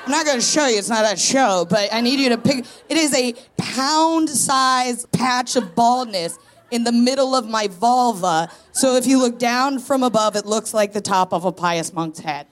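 A woman's voice: on the high side, moderate pace. A woman in her thirties doing a frank, self-mocking stand-up comedy set on a live stage. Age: 30s. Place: live stage in a tent before an audience.

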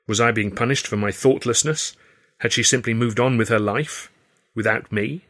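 A man narrating his own novel in the first person, in a wry, measured storytelling manner. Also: medium pitch, fairly even intonation, fairly bright tone. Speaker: author reading his novel.

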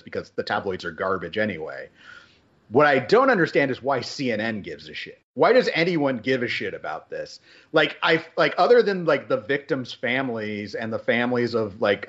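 A man hosting a podcast in a casual, rambling chat, animated and full of fillers. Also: mid-range voice, dull audio. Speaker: podcast host.

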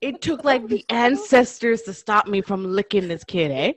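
A woman co-hosting a podcast in casual chat, telling animated stories about her kids and acting them out. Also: medium pitch, moderate pace. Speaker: podcast co-host.

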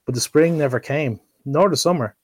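A man's voice: on the high side, moderate pace, dry recording. Man reading a children's tale aloud. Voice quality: relaxed, with occasional slips and self-corrections. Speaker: storyteller.

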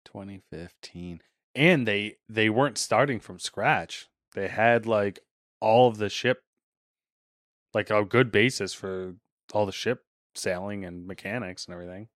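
A laid-back man with a lowish voice co-hosts a casual podcast. He chimes in with short, easy replies. The recording is dry and close. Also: unhurried, fairly bright tone, dry recording. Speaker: podcast co-host. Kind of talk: casual news chat.

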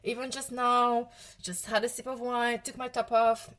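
A woman's voice: on the high side, flat delivery, normal speed, a bit bright. A woman in her thirties from Provence with a French accent, hosting her own podcast as a coach in a chatty, self-deprecating way with frequent laughs. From France, Provence. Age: 30s. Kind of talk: casual solo podcast talk.

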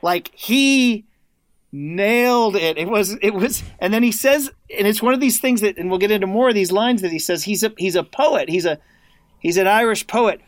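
Animated guy from the us swapping sports stories on a pod, very dry mic. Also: sits high, normal speed, dry recording. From United States. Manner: excited storyteller, acts out quoted commentary loudly. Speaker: guest contributor. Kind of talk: casual podcast chat.

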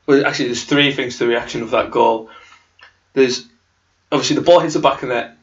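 A man hosting a football podcast, talking through plays in an excitable way. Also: medium pitch. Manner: excitable, quick breakdowns of plays. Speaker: podcast founder and host. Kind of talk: casual chat. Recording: dull with faint hiss.

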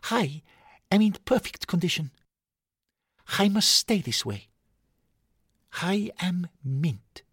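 A man doing a shrill, stiff toy minifigure. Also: lively intonation, slow pace, long pauses, fairly bright tone, husky, no room sound, studio quality, full character voice. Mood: haughty. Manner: stiff, clipped, haughty. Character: stiff vain male toy brick minifigure.

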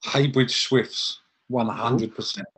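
A man's voice: medium pitch, fairly even intonation, slow, fairly bright tone, slightly rough, poor audio. A man, a football manager guest in casual chat, telling stories animatedly and laughing often.

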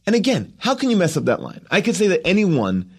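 A man guest on a podcast, telling a story animatedly, acting out quotes and restarting his sentences fast. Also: high-pitched, wildly swooping pitch, breathy edge. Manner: acts out quotes, rapid restarts.

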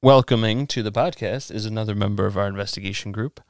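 A podcast co-host chatting casually with a guest, with brief, low-key reactions. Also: fast, no room sound, studio quality. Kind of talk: casual chat.

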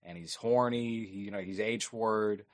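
Podcast co-host, man, lowish voice, dry rambling plot recap, swears a lot. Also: normal speed. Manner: rambling, wry, swears freely. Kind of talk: casual chat recapping a film.

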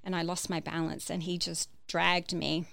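A woman's voice: fairly low pitch, level tone, normal speed, vocal fry, fairly bright tone, no room sound. A woman telling her personal story as a guest, hesitant, with many fillers and restarts. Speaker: podcast guest.

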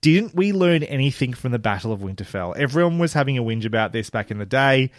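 A man, co-hosting a casual podcast chat about a TV show, animated and laughing often, swearing freely. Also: mid-range voice, fast talker, dry recording, clean studio sound. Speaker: podcast co-host.

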